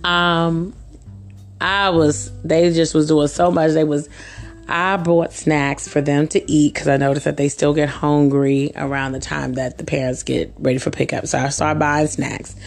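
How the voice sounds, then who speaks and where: A young woman hosting her own podcast, chatting casually and laughing often, her voice a little hoarse from allergies. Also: low voice, little pitch movement, a little slow, faint music behind. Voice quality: slightly rough voice. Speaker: podcast host. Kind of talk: casual storytelling monologue.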